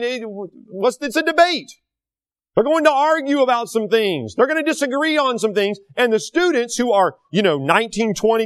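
A man preaching a sermon, indignant and animated, with sarcastic asides. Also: sits high, dry recording.

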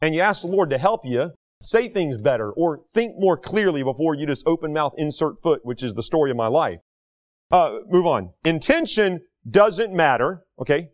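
A talk show host with a fairly high voice delivers an indignant opinion monologue. His pitch swings widely, and he hammers his points home with rhetorical questions and repetition. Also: lively intonation, moderate pace.

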